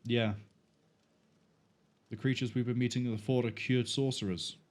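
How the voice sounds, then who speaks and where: A man's voice: mid-range voice, steady tone, moderate pace, darkish tone. A man streaming a video game, making playful, joking asides as he plays. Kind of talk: casual game commentary.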